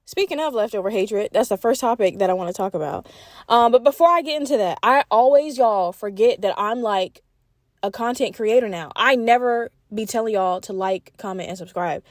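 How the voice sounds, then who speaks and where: Give me a young woman host rambling bluntly through her solo podcast, slightly high-pitched, with a dry close sound. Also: dry recording. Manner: rambling, blunt, swears freely, chatty filler-heavy; animated, with bursts of fast talk. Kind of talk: solo casual podcast rant.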